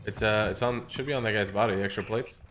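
A man's voice: lowish voice, steady tone, quick pace. A young man hosting a casual gaming live stream, teasing opponents and calling out plays. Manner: playful, teasing trash talk. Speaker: streamer host. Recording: noisy game stream audio.

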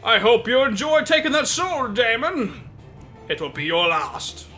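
Give me a player doing a formal, grandiose gentleman adventurer, lively and bright. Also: medium pitch, a little slow, soft background music. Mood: menacing. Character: posh dashing gentleman showman adventurer.

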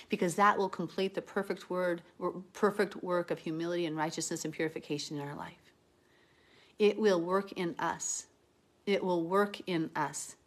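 Bible teacher, woman with a somewhat low voice, earnest and heartfelt, reads and explains scripture. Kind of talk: Bible reading with commentary.

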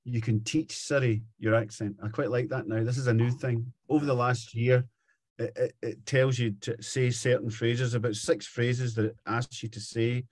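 A man's voice: mid-range voice, normal speed, dry recording. A middle-aged Scottish man, a musician guest, chatting and telling stories in an interview. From Scotland. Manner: chatty, animated storytelling. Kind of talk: casual interview chat.

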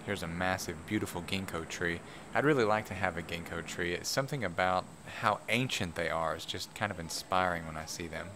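A man's voice: low-pitched, brisk, few pauses, background noise. A man hosting a casual plant vlog, talking in a friendly, conversational way with the odd "uh". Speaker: vlog host. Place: botanical garden greenhouse.

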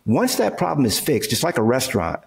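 This man's mid-range voice is gravelly and sing-song, moving fairly quickly. As a real estate entrepreneur and coach guesting on an interview, he explains his thinking forcefully in casual talk, peppered with everyday examples and "okay" and "right."

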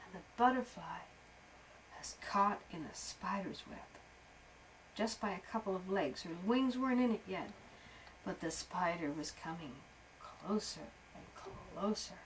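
A woman improvising a story for a young child at home, animated, with playful sound effects and soft asides. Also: mid-range voice, measured pace, a little hiss or hum, low-quality recording.

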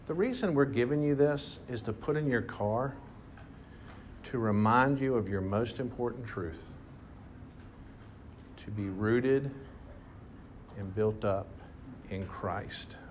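Guy preaching in church, animated storytelling, some faint hum behind. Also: mid-range voice, slow, pauses often. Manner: animated storytelling, bursts of emphasis. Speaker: pastor. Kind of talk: sermon. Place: church hall with congregation.

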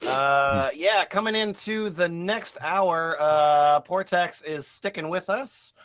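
A man hosting a casual comedy podcast, laughing often and breaking into loud outbursts between rambling fillers. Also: a little high, takes it slowly. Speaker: podcast host.

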